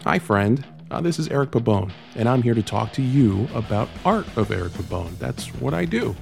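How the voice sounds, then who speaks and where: A man's voice: medium pitch, big pitch swings, brisk, vocal fry, a little mellow, faint music behind. A man co-hosting a show, plugging his own artwork in a joking, loose way. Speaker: co-host reading his own ad. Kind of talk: casual self-promo.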